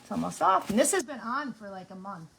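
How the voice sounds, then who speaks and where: A bubbly middle-aged woman talks through a craft project in her kitchen, chatting as she works. Her voice sits a little high. There is a faint hum of noise behind her. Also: big pitch swings, fairly quick, creaky, a bit bright, rough recording. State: out of breath. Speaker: craft vlogger. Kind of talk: casual demo chat. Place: home kitchen.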